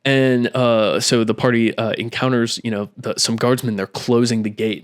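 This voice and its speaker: A man's voice: mid-range voice, little pitch movement, fairly quick, hardly any pauses. A man in the middle of his range talks through a tabletop game he ran for friends. He is loose and chatty and keeps slipping into the players' lines. It sounds like a simple solo recap at his own microphone. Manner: chatty, acts out quotes with frequent "I'm like". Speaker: game master. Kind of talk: casual retelling of a tabletop game session. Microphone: own microphone at a desk.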